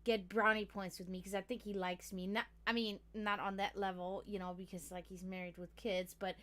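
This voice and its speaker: A woman's voice: medium pitch, level tone, a little fast, fairly bright tone. A woman hosting a casual livestream, rambling freely, swearing a lot and laughing often as she talks. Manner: chatty, profane, laughs often. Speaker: livestream host.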